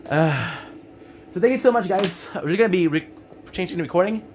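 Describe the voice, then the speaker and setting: A man's voice: sits high, lively intonation, a little fast, darkish tone, a little hiss or hum, rough recording. Chatty man live-streaming on a walk. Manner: chatty, greets viewers by name, swears casually. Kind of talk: casual live-stream chat.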